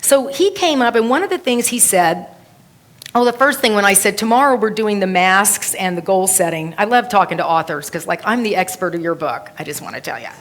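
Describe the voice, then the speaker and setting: A woman minister giving a sermon to a congregation, telling stories and quoting others in an animated way. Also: mid-range voice, a little fast. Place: church service with a congregation.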